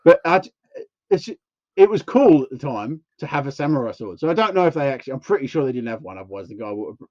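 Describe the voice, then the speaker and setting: A quick-paced man with a medium-pitched voice co-hosts a casual podcast, telling a long, rambling anecdote full of animated, acted-out quotes. The sound is lo-fi, with no echo.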